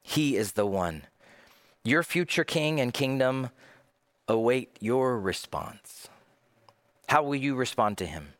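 A man's voice: mid-range voice, expressive, takes it slowly, long pauses, a bit bright, no echo. A male pastor preaching a sermon, dramatic, acting out the voices he quotes.

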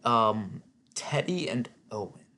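A man's voice: fairly low pitch, lively intonation, slow, bright, forceful tone. A man giving a casual, opinionated spoken recap, chatty and filling his talk with "like". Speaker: TV recap vlogger.

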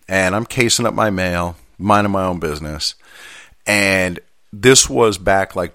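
A low-pitched man with a gravelly, creaky voice tells a story from his job as a mail carrier. He talks casually and rambles a little, with self-deprecating asides. The recording is dry and close. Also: fairly bright tone, no room sound.

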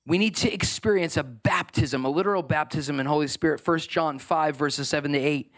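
A male pastor preaching a sermon, energetic and building in pitch to stress his points.

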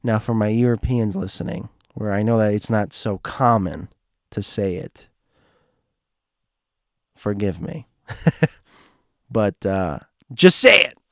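A man with a hoarse, strained throat telling a personal story in a casual monologue, rambling and restarting, heartfelt with bits of joking. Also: on the low side, slow, long pauses, darkish tone, dry recording, clean studio sound.

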